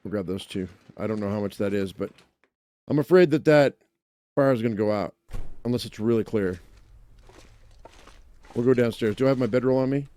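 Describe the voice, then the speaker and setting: A man's voice: lowish voice, fairly quick, long pauses, dark tone. A man casually commenting on his own survival gameplay, chatting to himself and his viewers with jokey exclamations. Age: adult, owns a dog. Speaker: let's play gamer.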